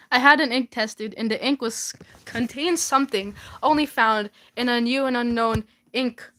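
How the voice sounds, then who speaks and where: A woman's voice: on the high side, unhurried, pushed and bright. A young woman casually reading her old fanfiction aloud for laughs, giggling and stumbling over the words.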